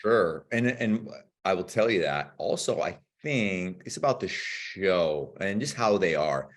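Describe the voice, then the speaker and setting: A man co-hosting a podcast in casual chat, excitable and quick to swear, acting out his own reactions. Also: low-pitched. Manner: excitable, rapid bursts, swears, acts out yelling. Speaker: podcast co-host.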